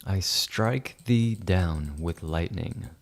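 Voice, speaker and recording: Man doing a pompous wizard: low, gravelly, drawn out, menacing. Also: exaggerated voice. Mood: grandiose. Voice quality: slow booming proclamations. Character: pompous all-powerful male wizard, grandiose and menacing.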